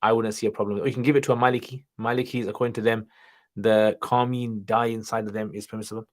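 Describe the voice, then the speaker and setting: A man casually hosts a livestream, reading viewers' questions aloud and answering offhandedly while sprinkling in Arabic greetings and religious terms. He studied nine years in Pakistan and is now in England. His voice is lowish and level, and he talks fast.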